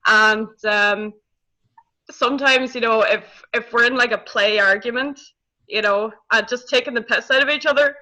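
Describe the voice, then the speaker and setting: A woman's voice: on the high side, fairly even intonation, moderate pace, pushed and bright. A woman from Northern Ireland with a Northern Irish accent, a friendly guest speaking over a video call. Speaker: webinar guest.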